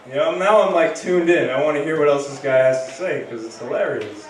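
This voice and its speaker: A man's voice: fairly high pitch, quick pace. A man hosting a comedy night, doing stand-up in a rambling, casual way on a bar stage. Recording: echoey room from far off.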